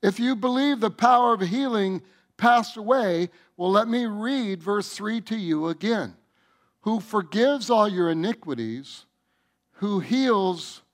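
A man preaching to his church in a high-pitched voice. He takes his time, drawing the words out and pressing each point home as he speaks straight to his listeners. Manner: emphatic, addresses the congregation directly. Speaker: pastor. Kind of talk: sermon.

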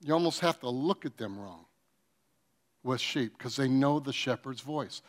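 A man preaching a sermon, telling comic stories with acted-out quotes and swinging between loud bursts and soft, earnest passages. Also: mid-range voice, expressive, measured pace. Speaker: pastor.

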